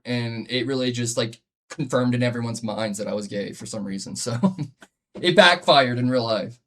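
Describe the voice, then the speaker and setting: A young man streaming, telling stories in a loose, profane, animated way. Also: medium pitch, normal speed. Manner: profane, animated storytelling, frequent "bro". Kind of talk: casual live-stream chat.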